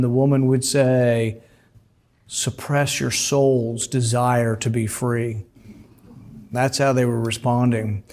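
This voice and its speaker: A man who is an author, speaking about his book in a deliberate, emphatic way, with frequent "uh" fillers. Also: medium pitch, a little mellow.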